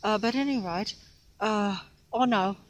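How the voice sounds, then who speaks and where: A woman's voice: mid-range voice, moderate pace, slight background noise, low-quality recording. An older woman vlogging outdoors, rambling and losing her place as she reads a plaque, often out of breath. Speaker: local history vlogger. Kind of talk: rambling walking vlog.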